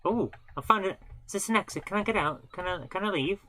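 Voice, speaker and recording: Bright-voiced woman streaming a retro game. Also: medium pitch, lively intonation, fast talker. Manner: chatty, self-mocking, laughs often. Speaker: live-streaming game host. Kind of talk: casual live gameplay commentary.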